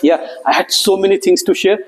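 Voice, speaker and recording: A man giving a lively motivational workshop to students, often checking in with a rising "okay?". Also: high voice, fairly quick. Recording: echoey hall recording.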